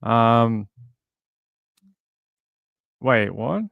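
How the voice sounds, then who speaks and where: A man's voice: medium pitch, drawn-out words, vocal fry, no echo, narrow, tinny audio. A man casually commenting on a true crime case during a livestream, reading and answering chat, rambling with lots of fillers. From outside the US. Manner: rambling, many fillers and restarts.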